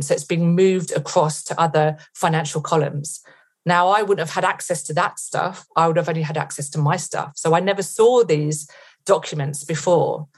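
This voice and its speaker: Podcast guest, woman, middle-aged, from England; lower register, lively storyteller who acts out her inner voice. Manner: vivid retelling with quoted inner thoughts.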